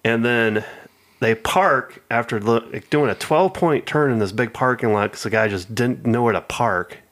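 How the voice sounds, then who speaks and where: A man's voice: mid-range voice, moderate pace, fairly bright tone. A man telling a long rambling story in casual chat with a friend. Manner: rambling anecdotal, acts out quoted voices.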